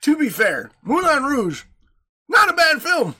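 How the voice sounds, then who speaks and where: A man co-hosting a podcast, chatting and telling stories with lots of jokes and swearing. His voice sits high and bright. It leaps around with lively energy. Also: unhurried, slight background noise. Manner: animated, joking, profane. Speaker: podcast co-host. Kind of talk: casual chat, storytelling.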